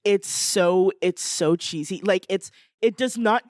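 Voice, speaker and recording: A woman's voice: medium pitch, measured pace, a little mellow, dry recording, studio quality. A woman co-hosting a live podcast panel, bubbly and teasing, laughing often. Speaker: podcast co-host.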